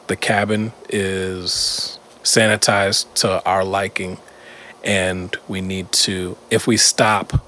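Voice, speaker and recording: A middle-aged man with a fairly low voice tells a story in a relaxed, easy way, with lots of "you know" and quick laughs along the way. There is a faint hum of noise behind him. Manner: laid-back storyteller, full of fillers, laughing between lines. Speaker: podcast co-host. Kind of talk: casual chat.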